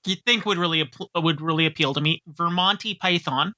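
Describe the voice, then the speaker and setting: A woman's voice: deep voice, brisk, sharp tone. A woman co-hosting a podcast in casual, joking chat, rambling with restarts.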